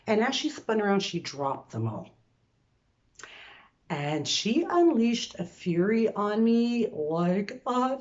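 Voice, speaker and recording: A woman's voice: a little high, a little mellow, dull audio. A woman in her sixties from Canada, telling a personal story to camera in a chatty way, full of fillers and restarts, from her bedroom. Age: 60s. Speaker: vlogger.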